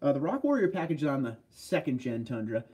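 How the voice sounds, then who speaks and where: A man's voice: mid-range voice, sing-song, fast talker, warm tone, slightly rough. A man hosting a casual livestream, chatting with viewers, reading out their comments and greeting them by name. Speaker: livestream host.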